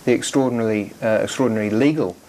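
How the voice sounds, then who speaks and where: An interviewer asking questions in an oral history interview, speaking haltingly with many repeated words. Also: mid-range voice, warm tone, a little hiss or hum, poor audio.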